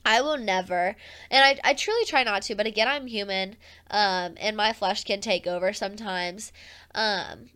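A woman's voice: mid-range voice, normal speed, sharp tone, clean tone. Earnest young woman chatting, lots of likes. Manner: casual and earnest, heavy use of "like" and "um". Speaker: podcast host. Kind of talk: solo podcast talk.

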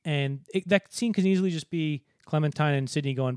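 A man co-hosting a film podcast in casual chat, rambling and acting out movie lines in quick put-on voices. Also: a little high, a little mellow, clear, resonant tone, no room sound, clean studio sound. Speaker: podcast co-host.

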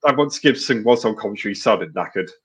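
Low-voiced blunt man. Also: expressive, quick pace, slightly rough. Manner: blunt, sweary, rambling with many fillers. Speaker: podcast co-host. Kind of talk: casual wrestling review chat. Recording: dull lo-fi podcast audio.

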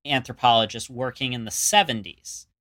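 Bright-voiced man rambling through a history chat. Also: mid-range voice, normal speed. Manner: rambling with many fillers and restarts. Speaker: podcast co-host. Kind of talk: casual chat.

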